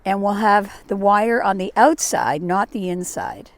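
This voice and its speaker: A woman's voice: medium pitch, a little slow. An older woman with a Scottish accent chatting casually while working outdoors in a garden, rambling a little and poking fun at herself. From Scotland. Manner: chatty, rambling, self-deprecating. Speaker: gardening vlogger.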